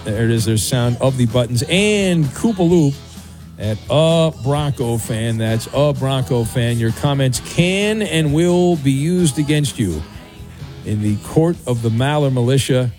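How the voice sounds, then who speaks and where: A man's voice: medium pitch, animated, unhurried, a little mellow, soft background music. A man hosting a live sports talk radio show, jokey and teasing, stretching words out for emphasis.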